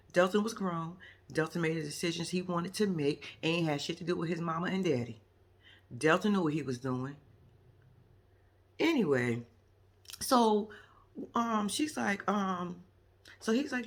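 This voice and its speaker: Woman vlogger with AAVE speech, sassy recap talk, lively swooping pitch, slightly husky. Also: normal speed. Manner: sassy, animated storytelling with acted-out quotes and laughs. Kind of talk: casual reality show recap.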